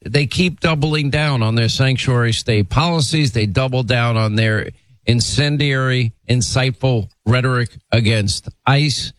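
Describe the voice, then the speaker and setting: A man hosts a talk radio show, brisk and emphatic. His voice sits in a middle register. The sound is dry and close, with no room echo. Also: medium pitch. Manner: brisk, emphatic, scripted delivery. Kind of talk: talk radio monologue and interview.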